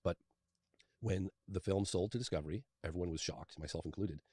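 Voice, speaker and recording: A man's voice: sits low, fairly quick, darkish tone, husky, no echo, studio quality. A man in his fifties, a documentary filmmaker, telling a long personal story as an interview guest in a rambling, eager way, often restarting his sentences. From England.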